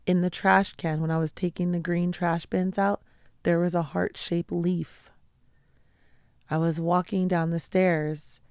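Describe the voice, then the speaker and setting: Gravelly, earnest woman host. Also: lowish voice, a little mellow, no room sound, studio quality. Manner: earnest, heartfelt, slow deliberate phrasing. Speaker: podcast host. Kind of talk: personal storytelling talk.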